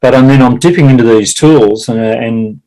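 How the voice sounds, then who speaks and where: A man talking in a casual conversation, halting with many restarts and laughing often. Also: medium pitch, mellow, rough recording. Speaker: guest.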